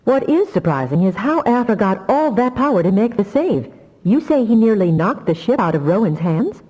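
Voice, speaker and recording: A woman reading an audiobook, voicing a calm and wise older woman who speaks briskly. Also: medium pitch, big-room sound, pitched above the performer's own voice, poor audio. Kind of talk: audiobook character voice.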